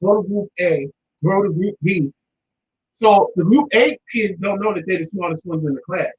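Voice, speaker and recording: A man's voice: high voice, normal speed, husky, rough recording. A man hosting a talk show in casual chat, making his points with emphasis and repeating them.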